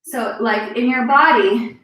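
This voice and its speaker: A woman's voice: fairly high pitch, takes it slowly, fairly bright tone. A young woman leading a live-streamed yoga class, encouraging and a little out of breath as she cues each move. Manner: encouraging, cueing moves while exercising. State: slightly out of breath. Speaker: fitness instructor. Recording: echoey room, distant mic.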